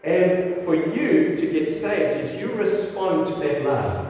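A man's voice: sits high, animated, slow pace, warm tone, a little hiss or hum. A man preaching a sermon to his congregation in an earnest, direct way, speaking in a church. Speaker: pastor. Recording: echoey hall, mic at a distance.

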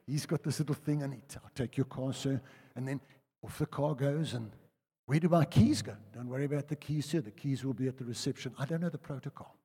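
Older South African preacher in a hall. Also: male voice, mid-range voice, fast, breathy edge. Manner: conversational storytelling, lively swings from loud to hushed. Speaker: pastor. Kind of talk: sermon. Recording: reverberant church hall.

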